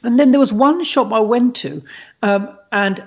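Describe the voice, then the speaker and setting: A man with a husky, fairly high voice tells a story in a casual podcast chat and acts out the other people's lines. The sound is dull and lo-fi. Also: normal speed. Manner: animated storyteller, acts out dialogue. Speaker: podcast co-host.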